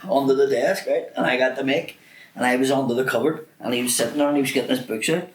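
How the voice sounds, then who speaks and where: A man's voice: medium pitch, quick pace, roomy sound, a little hiss or hum. A man telling school stories as a podcast guest, swearing freely and acting out the people in his stories. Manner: animated storyteller, swears a lot, acts out voices and laughs. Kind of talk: casual chat, storytelling.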